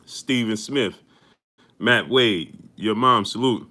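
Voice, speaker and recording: A man hosting a live boxing stream, greeting his viewers one by one in energetic slang. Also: on the low side, takes it slowly. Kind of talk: casual live-stream shout-outs.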